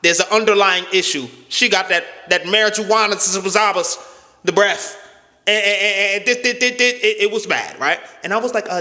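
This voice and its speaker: A man telling a profane, animated story in a casual storytime monologue, punctuating it with "right?" and "boom.". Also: normal speed. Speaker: storyteller vlogger. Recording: echoey room with long reverb.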